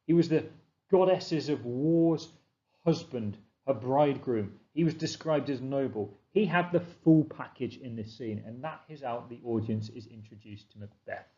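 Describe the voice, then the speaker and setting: Male teacher, mellow low-ish voice, explanatory revision lesson, slightly lo-fi voice-over. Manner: explanatory, emphatic, reads quotes slowly.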